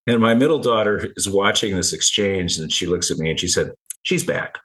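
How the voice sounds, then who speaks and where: Deep-voiced man telling a halting story. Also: fairly bright tone, rough recording. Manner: halting, repeats words, chuckles. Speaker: guest. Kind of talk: personal story in conversation.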